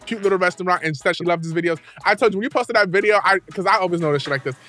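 A young man from New York co-hosting a casual chat, cutting in with quick, emphatic, sassy remarks. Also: high voice, sharp tone, faint music behind. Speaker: podcast co-host.

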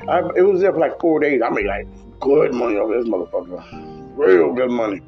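A man telling rambling, profane stories from his driving work in a casual podcast chat, jumping into a high voice when quoting people. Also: lively intonation, fairly quick, gravelly, muffled recording, faint music behind. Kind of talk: casual storytelling.

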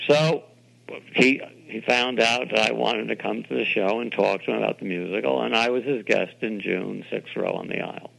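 An older man from New York City, a television producer being interviewed, telling animated anecdotes and acting out the voices of people he quotes. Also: on the low side, moderate pace, creaky, rough recording. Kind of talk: interview storytelling.

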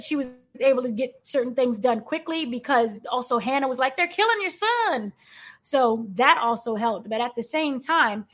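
A woman talking casually about a TV episode, animated and acting out the characters' lines as she goes. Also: on the high side. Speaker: podcast panelist.

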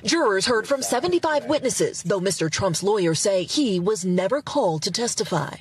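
A woman's voice: medium pitch, lively intonation, moderate pace. A woman reporter narrating a news segment.

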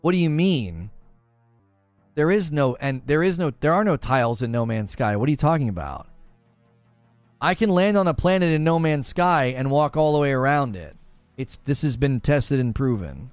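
A man's voice: mid-range voice, moderate pace, smooth, dry recording, faint music behind. A man streaming live, answering chat in a sarcastic, incredulous and emphatic way. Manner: animated, emphatic. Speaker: gaming streamer. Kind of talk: live commentary reading chat.

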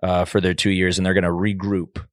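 A man's voice: sits low, little pitch movement, a little fast, dry recording, clean studio sound. A man co-hosting a podcast in casual chat, explaining things in a wry, easygoing way. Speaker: podcast co-host.

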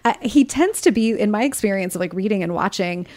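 A woman's voice: medium pitch, animated, brisk, mellow. Woman musing casually, many fillers. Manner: thoughtful, frequent "like" fillers. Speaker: podcast co-host. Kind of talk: casual book chat.

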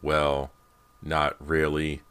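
A man's voice: a bass voice, monotone, very slow, fairly bright tone, clear, resonant tone, heavily acted. Man voicing a nervous, reluctant teen boy. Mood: hesitant.

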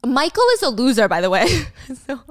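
A chatty woman recapping a drama, wry and loose, sprinkling in "like". Her voice sits a little high. The sound is dry and right on the mic. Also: big pitch swings, fast talker, no echo. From Korea. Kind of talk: casual commentary.

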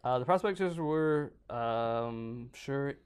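A man's voice: medium pitch, expressive, slow, crowd noise. A man co-hosting a podcast, reading a cryptid story aloud and joking off into tangents with his co-host. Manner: rambling, joking, breaks off into banter mid-story.

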